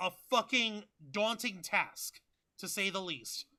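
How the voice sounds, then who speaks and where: A man hosting a podcast in casual chat, excitable and profane, with lots of fillers. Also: high voice, slow, a crowd in the background. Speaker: podcast host.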